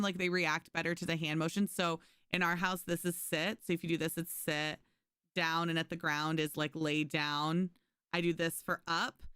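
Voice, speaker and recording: A young adult woman streamer telling stories in casual chat with her viewers, animated and giggly. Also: lowish voice, smooth, no room sound, clean studio sound.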